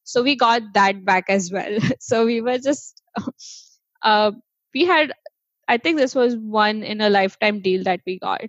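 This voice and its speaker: A woman's voice: medium pitch, measured pace, dry recording, muffled recording. Chatty woman laughing between fillers. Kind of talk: casual chat.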